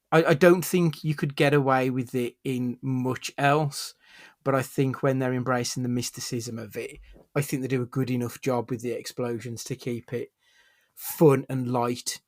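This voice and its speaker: Male podcast co-host, mid-pitch, dry close sound, easygoing film-review chat. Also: unhurried, no echo. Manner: relaxed, leads the rating categories.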